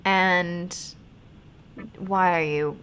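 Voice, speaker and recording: A woman's voice: on the low side, steady tone, extremely slow, fairly bright tone, a little hiss or hum. A young woman streamer reading a text game aloud, reacting expressively and swearing freely.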